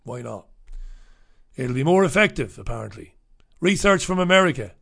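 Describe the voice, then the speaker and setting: A man's voice: medium pitch, big pitch swings, moderate pace, vocal fry, fairly bright tone. An Irish man hosting a talk radio show, ranting bluntly and swearing freely. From Ireland. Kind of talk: opinionated talk radio monologue.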